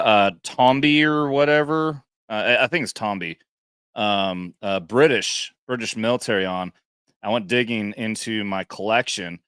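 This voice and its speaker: A man's voice: fairly low pitch, fairly bright tone, dry recording, studio quality. A man co-hosting a casual talk show, speaking emphatically, swearing often and leaning on filler words. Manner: emphatic, swears a lot, fills with "like". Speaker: podcast co-host, veteran. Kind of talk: casual chat.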